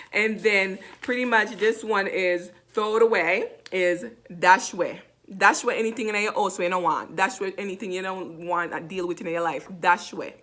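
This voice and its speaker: Jamaican woman teaching words slowly. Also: mid-range voice, a bit bright. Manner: repeats words slowly, many fillers. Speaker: language teacher vlogger. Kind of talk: casual language lesson.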